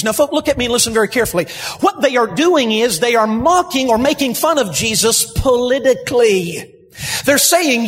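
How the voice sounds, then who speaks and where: A man preaching a sermon, building to shouted emphasis. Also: extremely high pitch, lively intonation, moderate pace, soft background music. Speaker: pastor. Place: church sanctuary. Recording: long hall reverb, husky.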